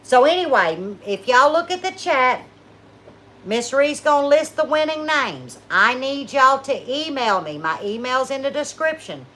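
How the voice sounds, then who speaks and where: A woman's voice: sits high, very animated, a little slow, fairly bright tone, low-quality recording. Chatty woman with a South Louisiana accent. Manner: chatty, folksy, addresses viewers as y'all and honey. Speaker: live stream host. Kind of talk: casual live stream chat.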